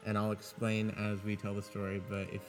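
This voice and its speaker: A man telling a spooky story on a podcast, in a halting way with many pauses. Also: on the low side, completely flat delivery, over music. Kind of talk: casual storytelling.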